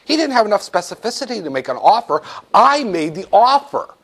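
A man's voice: high voice, sing-song, normal speed, fairly bright tone, slightly rough. A man teaching a business law class, lecturing in a joking way and acting out little scenes with students.

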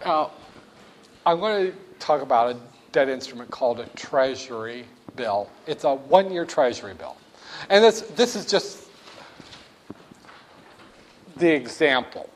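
Man, lecturer, high-ish voice, dry humour, classroom delivery. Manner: wry and joking, plays scenes out.

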